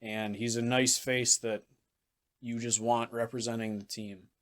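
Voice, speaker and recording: A man's voice: mid-range voice, little pitch movement, measured pace, fairly bright tone. A man co-hosting a sports podcast in casual chat, blunt and ranting, swearing freely as he makes his case. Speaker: podcast co-host.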